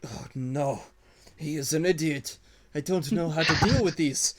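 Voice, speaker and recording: A man's voice: a little high, a little slow. A man voicing a jittery little male kobold lizard-man who frets, pleads and barks orders. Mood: fretful. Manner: fretful, pleading, bossy.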